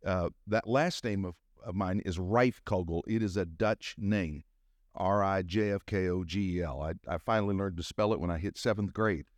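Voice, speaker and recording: A man's voice: deep voice, normal speed, dry recording, studio quality. A man in his sixties with a Southern US accent, preaching a conference sermon in a folksy, joking way that builds to rousing calls for an amen. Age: 60s. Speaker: pastor.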